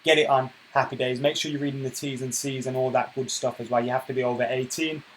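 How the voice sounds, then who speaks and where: A man hosting a casual football live stream, chatting and reading viewer comments aloud, getting loud and worked up when he rants. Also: medium pitch, fairly even intonation, fast talker, a little hiss or hum, rough recording. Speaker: football channel host reading live chat.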